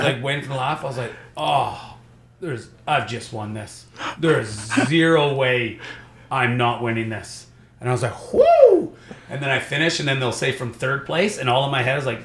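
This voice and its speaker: A man's voice: medium pitch, slight background noise. A man, a stand-up comedian, telling stories in casual chat and acting out other people's voices. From Canada. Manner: animated storyteller, acts out voices of others. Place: podcast studio. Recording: roomy echo.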